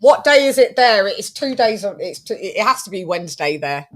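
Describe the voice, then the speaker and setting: This UK livestream boxing show host speaks in a mid-range, expressive voice at normal speed. She's chatty and playful with her guests, greets her chat with shout-outs and laughs frequently.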